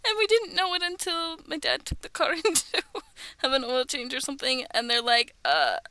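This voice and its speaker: Giggly high-voiced young woman streamer. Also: lively intonation, brisk, bright, forceful tone, no echo. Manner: rambling, giggly, drops into whispers. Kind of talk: casual chat on a livestream. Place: bedroom.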